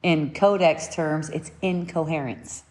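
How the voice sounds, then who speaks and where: A woman giving a spiritual teaching talk in an unhurried, reflective way, often repeating and rephrasing her points, at times pressing them home with short emphatic commands. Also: deep voice, a little mellow.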